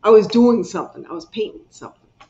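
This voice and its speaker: A woman's voice: medium pitch, animated, quick pace, darkish tone. A woman hosting a casual craft livestream, chatting and repeating herself as she reads viewer comments aloud. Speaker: craft channel host. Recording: muffled lo-fi stream audio.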